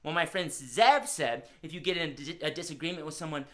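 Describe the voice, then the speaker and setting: A man's voice: fairly high pitch, a little fast, a bit bright. A man hosting a live-streamed children's music show, talking cheerfully straight to young viewers.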